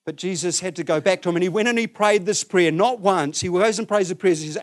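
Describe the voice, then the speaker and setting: Male preacher, casual sermon, animated, quite high voice, loud and soft in turns. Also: fast, few pauses. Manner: animated, swings between loud and quiet, asks the listeners questions. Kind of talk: conversational sermon.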